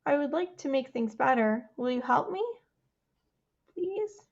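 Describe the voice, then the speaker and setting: A woman doing a loud, boastful fish. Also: sits high, animated, brisk, creaky, muffled recording. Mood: apologetic. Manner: loud, proud, declaring. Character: boastful stubborn male fish.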